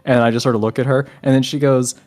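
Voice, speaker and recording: A man's voice: medium pitch, fast, soft background music. A man telling a funny anecdote in casual podcast chat, with lots of swearing. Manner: animated anecdote teller, swearing. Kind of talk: casual storytelling.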